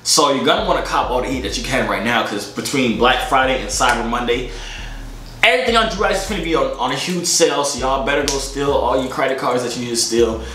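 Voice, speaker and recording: A man's voice: medium pitch, fast talker, bright, forceful tone, slight background noise. A young man vlogging in a joking, boastful way, full of slang, in a room. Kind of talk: comedic vlog chat. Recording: echoey room.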